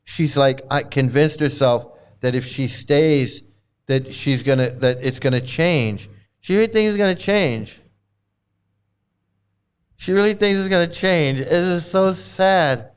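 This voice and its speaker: A man's voice: on the high side, measured pace, clean tone. Exasperated man hammering his point. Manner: emphatic, exasperated, repetitive, profane. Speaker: host. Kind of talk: livestream commentary.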